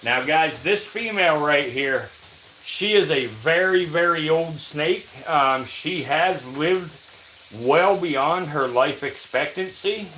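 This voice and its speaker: A man hosting a live reptile stream, coaxing snakes in low murmurs and then explaining to viewers. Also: slow pace, pushed and bright. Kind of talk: casual live-stream talk while feeding snakes. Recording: roomy echo, faint background noise.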